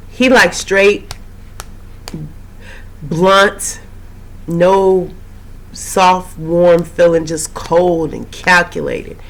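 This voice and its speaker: Chatty woman, slightly hoarse. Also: on the low side, drawn-out words, pauses often. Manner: chatty, rambling, with frequent fillers and asides. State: slightly hoarse after a cold. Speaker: TV recap host. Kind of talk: casual TV episode recap.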